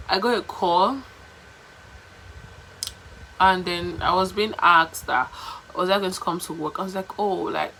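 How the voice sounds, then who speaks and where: A young Nigerian woman vlogging, telling a story to camera in a chatty, animated way, repeating herself and slipping into pidgin. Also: fairly low pitch, slight background noise, low-quality recording.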